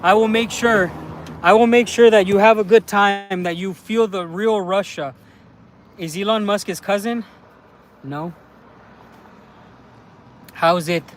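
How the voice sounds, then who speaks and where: A man livestreaming on his phone as he walks around town outdoors, chatting casually and excitably, rambling with lots of fillers. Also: high voice, a little slow, long pauses, a little hiss or hum. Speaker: vlogger livestreaming. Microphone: handheld phone livestream.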